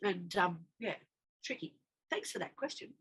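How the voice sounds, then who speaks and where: Bright, animated woman. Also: fairly low pitch, moderate pace, slightly rough. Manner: animated, acts out dialogue in her anecdotes. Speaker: actress guest. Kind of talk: casual interview storytelling.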